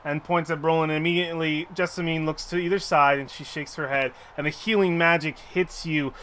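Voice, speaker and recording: A man narrating as game master of a tabletop game, with steady, deliberate narration. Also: fairly high pitch, slight background noise.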